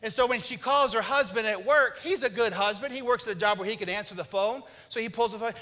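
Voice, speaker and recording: A man preaching a sermon as pastor, telling a marriage story and acting out both spouses in an animated way. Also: quick pace, few pauses. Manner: animated, acts out husband and wife in lowered voices. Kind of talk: sermon with acted-out marriage stories.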